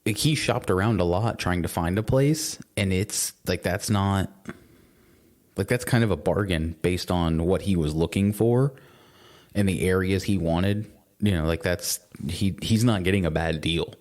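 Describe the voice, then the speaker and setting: A man's voice: low voice, a little slow, a little mellow. A man co-hosting a podcast, chatting casually in a rambling way, full of restarts and swearing. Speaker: podcast co-host. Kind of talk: casual chat.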